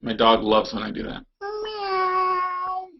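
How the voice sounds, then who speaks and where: A man's voice: mid-range voice, moderate pace, gravelly, slight background noise. A young man chatting casually on a live stream, rambling and goofy, slipping into silly voices now and then. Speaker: vlogger. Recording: dull lo-fi webcam audio.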